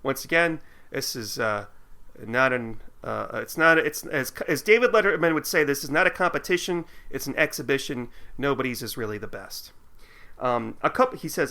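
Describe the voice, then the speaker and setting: Man, podcast co-host, casual chat, bright crisp tone, mid pitch, reads listener letters with asides. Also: normal speed.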